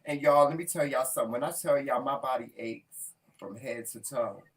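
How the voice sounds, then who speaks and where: A man's voice: medium pitch, moderate pace, far from the mic. A man co-hosting a casual chat show, telling a story with lots of profanity and acted-out dialogue. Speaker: co-host.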